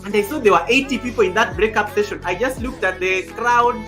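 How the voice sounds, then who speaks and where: A young woman from Kenya hosting a casual livestream, talking loudly and warmly greeting viewers by name. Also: mid-range voice, fairly quick. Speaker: livestream host. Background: background music.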